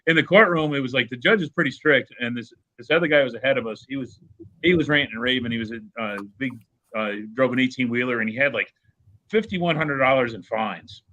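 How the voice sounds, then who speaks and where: A man talks fast with a bright, forceful voice. He tells a story with animated energy and acts out the people in it. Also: medium pitch, poor audio. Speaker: car show host. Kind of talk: casual storytelling chat.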